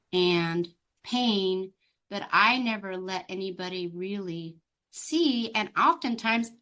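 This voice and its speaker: A middle-aged woman speaking as a coach guest in a relaxed interview. She tells her story with animated, expressive energy, and her voice sits at an ordinary pitch. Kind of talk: conversational interview.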